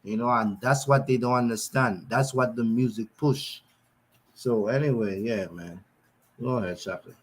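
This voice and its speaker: A man's voice: medium pitch, moderate pace, breathy edge. Co-host, male, mid voice, loose rambling talker. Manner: rambling, full of "you know what I'm saying". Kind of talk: casual live stream chat.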